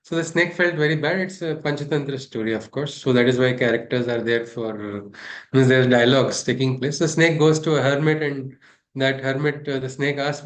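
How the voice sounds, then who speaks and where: A man's voice: medium pitch, fairly even intonation, fairly quick. A man teaching a scripture class, talking things through and asking his listeners rhetorical questions. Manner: discursive, asks rhetorical questions. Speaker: spiritual teacher.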